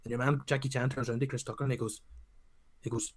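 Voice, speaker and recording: A man's voice: mid-range voice, fast. A man, chatting casually about films, telling stories with lots of swearing and acting out scenes. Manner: animated storyteller, swears freely, acts out film scenes.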